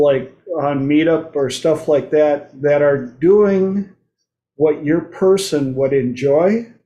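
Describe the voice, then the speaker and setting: Slow, playful male talk-show host. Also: on the high side, dark tone. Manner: playful, acts out quoted voices. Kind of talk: solo talk show monologue. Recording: roomy echo.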